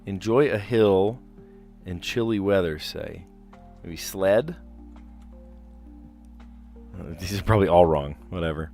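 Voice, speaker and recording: A man with a fairly low voice talks his way through word puzzles on a live stream, reading clues aloud and rambling between guesses. His delivery is relaxed and chatty, with faint music sitting behind him. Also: takes it slowly, creaky, long pauses. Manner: chatty, rambling, reads clues aloud and muses over answers. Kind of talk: casual live-stream commentary, thinking aloud.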